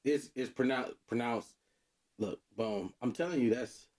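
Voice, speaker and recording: A man's voice: mid-range voice, a little slow, a little mellow. A man co-hosting a podcast in casual, playful banter, easygoing and hedging. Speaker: podcast co-host.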